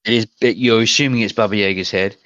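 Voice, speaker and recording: Low-voiced man running a tabletop game. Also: steady tone, fast, a bit bright, no echo, lo-fi sound. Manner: rambling, hesitant descriptions with many fillers. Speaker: game master. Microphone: online voice chat.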